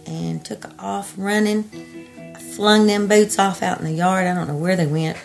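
A woman's voice: mid-range voice, fairly even intonation, vocal fry, faint music behind. Woman retelling a frightening escape. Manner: halting, breathless retelling with restarts and laughter. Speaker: interviewee. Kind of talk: personal storytelling.

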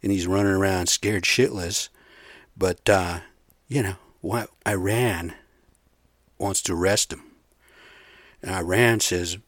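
Man, podcast host, profane rambling rant, lowish voice, dry close sound. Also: slow pace, pauses often, a bit bright, slightly rough, no echo. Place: bedroom.

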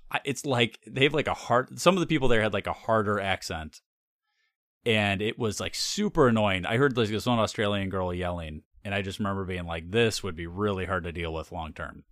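Laid back guy w a lowish voice, rambling chat, dry close sound. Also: moderate pace, a bit bright, dry recording. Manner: easygoing, rambling, laughs often. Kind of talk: casual chat.

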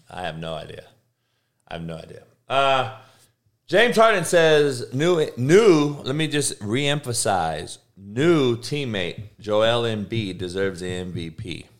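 A man hosting a podcast, ranting casually with heavy swearing, rambling tangents and loud bursts of disbelief. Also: fairly low pitch. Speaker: podcast host. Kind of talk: casual sports podcast rant.

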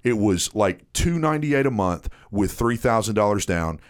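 A man's voice: lowish voice, moderate pace. A man in casual chat, telling a story with lots of swearing and acted-out dialogue. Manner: profane, animated, reenacts dialogue. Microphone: headset.

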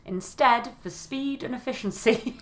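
A woman's voice: a little high, measured pace. A woman co-hosting a podcast in casual chat, talkative and giggly with a self-deprecating streak. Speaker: podcast co-host.

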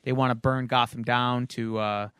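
A man's voice: mid-range voice, flat delivery, normal speed, fairly bright tone, clear, resonant tone, no room sound, clean studio sound. A man hosting a podcast, casually recapping a comic issue in a loose, rambling way with frequent ums and uhs. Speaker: podcast host.

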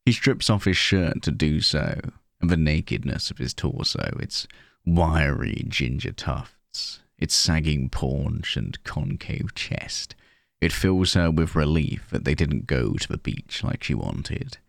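Male horror narrator, deep gravelly voice, slow hushed delivery, dry close sound. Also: expressive, no echo. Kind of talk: scripted narration of a horror short story.

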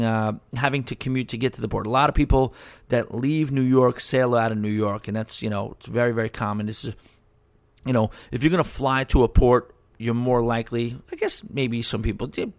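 A man's voice: medium pitch, vocal fry, no room sound. A man hosting a casual solo podcast, rambling, joking and laughing at his own asides. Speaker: podcast host.

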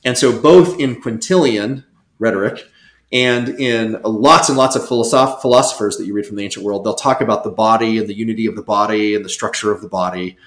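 A man's voice: on the low side, a little fast, fairly bright tone. Guy rambling about ideas, lots of restarts, roomy echo around him. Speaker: guest scholar. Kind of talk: casual interview talk.

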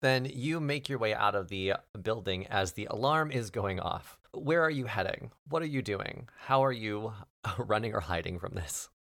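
Male GM, somewhat low voice, steady narration, prompts players. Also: moderate pace, creaky, dry recording, studio quality. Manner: calm, guiding, asks players what they do. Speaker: game master. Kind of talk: narrating a tabletop game.

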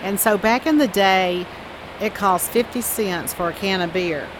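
A woman's voice: medium pitch, measured pace. A woman from the American South with a Southern accent, telling work stories in a casual, amused way. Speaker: flight attendant guest. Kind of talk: casual storytelling. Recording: hissy noisy recording.

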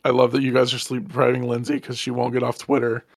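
A man's voice: medium pitch, completely flat delivery, quick pace, gravelly. A man co-hosting a podcast in casual chat, laid-back and joking, swearing freely. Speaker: podcast co-host.

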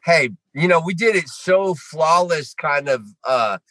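A middle-aged man from Vermont telling stories as a guest on a casual chat show, animated and swearing freely, acting out what he said. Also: fairly high pitch, a little slow, no echo, low-quality recording. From Vermont, USA. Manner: animated, swears freely, acts out his own lines. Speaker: guest actor.

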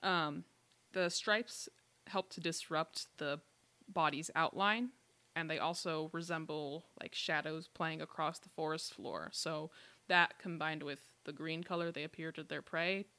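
A woman hosting a podcast, telling facts in a relaxed, explanatory way with frequent laughs. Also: low voice, measured pace. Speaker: podcast host telling the story. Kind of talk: casual chat.

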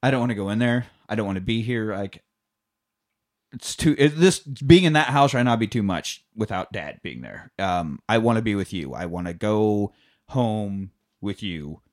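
A man's voice: fairly low pitch, lively intonation, moderate pace. A man in casual chat, retelling a movie's plot in a rambling way, swearing and acting out the characters' lines. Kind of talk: casual chat recapping a film.

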